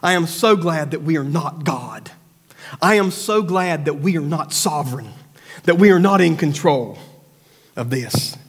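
A man with a high-pitched voice preaches a lively sermon in a church sanctuary, the sound trailing off in a long hall reverb. He acts out the voices of doubt and prayer, then goes soft and low for serious points. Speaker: pastor.

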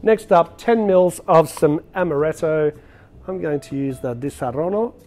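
Chatty upbeat male bartender, slightly high voice. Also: normal speed, a little mellow, faint music behind. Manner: chatty, upbeat, with frequent filler words. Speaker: bartender and show host. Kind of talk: casual cocktail demonstration.

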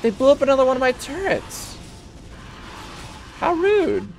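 A man's voice: very high-pitched, quick pace, faint music behind. A man streaming a strategy game, joking and barking orders at his units with playful mock belligerence. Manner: giggly and excitable, mock-belligerent. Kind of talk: live gameplay commentary.

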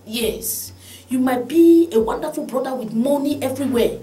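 A woman preaching, then leading an impassioned prayer that rises to shouts, repeating "oh God". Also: sits high, normal speed, a little hiss or hum. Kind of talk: sermon and fervent prayer. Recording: echoey room with music behind.

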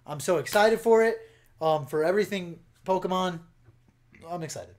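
A young man co-hosting a casual podcast, excitable and swearing freely, trailing off into fillers. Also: high-pitched, moderate pace. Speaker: podcast co-host. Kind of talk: casual chat.

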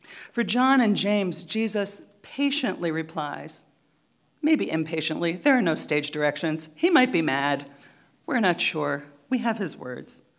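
A woman pastor preaching a sermon in a church, deliberate and emphatic, with rhythmic repetition. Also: fairly low pitch, lively intonation.

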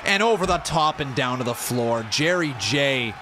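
A man hosting a live stream, calling a simulated wrestling match play-by-play from his desk in an excitable, shouting manner. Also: medium pitch, normal speed, background noise. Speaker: streamer and host of the series.

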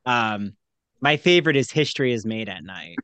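A man's voice: on the low side, moderate pace, clean tone, dry recording. A man co-hosting a casual podcast chat about a TV show, gushing and acting out quotes as he talks. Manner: animated, gushing, acts out quotes. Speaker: podcast co-host.

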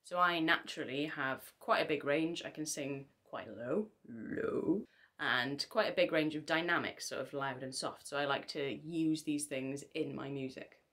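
A woman's voice: sits low, steady tone, moderate pace, few pauses, a bit bright. A young woman, a singer, giving casual vocal tips to camera with chatty, self-deprecating asides.

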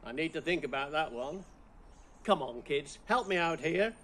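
A man's voice: a little high, animated, normal speed, a bit bright, slight background noise. A man running a playful Christmas riddle routine, puzzling aloud over each one before chuckling at the answer.

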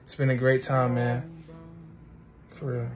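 A man's voice: medium pitch, completely flat delivery, slow, music in the background. A young man giving a slangy, casual farewell to a college friend, choked up at times. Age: young adult. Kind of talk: farewell message.

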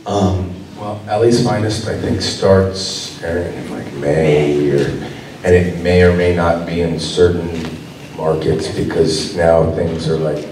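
Sounding distant in a roomy hall, a man appears as an actor guest on a convention panel, talking casually and rambling with plenty of fillers and restarts. His voice is low, steady, and darkish, he speaks slowly, and there is slight background noise.

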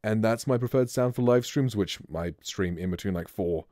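A man with a somewhat low voice talks through a casual microphone review in a loose, rambling way. He sits close to a studio mic at his home streaming setup. The sound is dry, with no room echo. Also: moderate pace, dark tone. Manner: laid-back, rambling.

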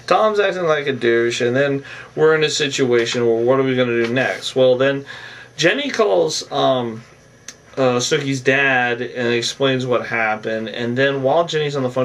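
A man's voice: medium pitch, far from the mic. Rambling man recapping, a bit off-mic. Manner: rambling, frequent filler "on that"; chuckles often, opinionated asides. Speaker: show recapper. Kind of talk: casual recap monologue.

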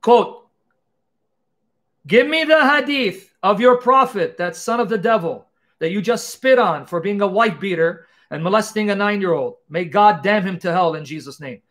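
A man hosting a live call-in debate stream, taunting and mocking his callers loudly. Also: high-pitched, lively intonation, moderate pace.

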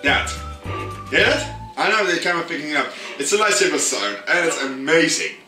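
A man rambling casually through a toy unboxing vlog, chatty and self-mocking, his voice a little hoarse. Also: fairly high pitch, expressive, moderate pace, music in the background. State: slightly hoarse voice. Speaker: vlogger reviewing a toy. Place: room indoors. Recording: echoey room, mic at a distance.

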